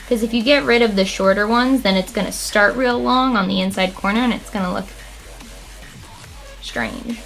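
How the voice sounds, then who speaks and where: A woman's voice: fairly high pitch, gravelly, a bit bright. Playful young woman makeup vlogger. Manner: playful, jokey, talks straight to the viewer. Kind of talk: casual makeup tutorial.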